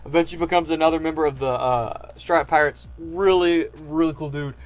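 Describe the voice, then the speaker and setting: Rambling excited fan guy chatting. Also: fairly high pitch, fairly quick. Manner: rambling, heavy on fillers and "like". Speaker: anime reviewer. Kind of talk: casual retrospective chat.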